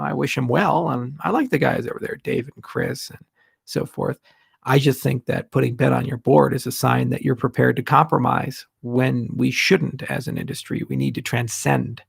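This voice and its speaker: A man's voice: medium pitch, vocal fry, breathy edge, no room sound, studio quality. A man answering viewer questions on a livestream, candid and blunt with rambling asides. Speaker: tech company founder answering questions.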